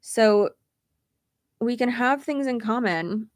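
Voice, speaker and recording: A woman's voice: fairly high pitch, takes it slowly, dry recording, clean studio sound. A young woman creator ranting in a casual livestream, blunt and rambling, swearing freely. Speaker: YouTube creator.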